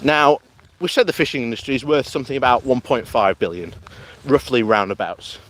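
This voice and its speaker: A political vlogger on a morning walk outside records himself with a handheld camera, speaking fairly quickly in a medium-pitched, fairly bright voice. There's slight background noise, and his casual, meandering political remarks come with frequent laughs.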